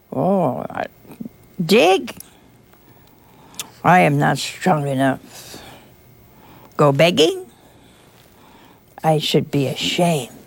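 A woman's voice: on the low side, creaky, no room sound, heavily acted. Woman doing a fretful scheming steward. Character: scheming worried male steward, middle-aged.

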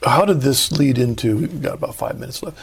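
Gravelly husky guy asking interview questions, slow and measured. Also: mid-range voice, animated. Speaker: interview host.

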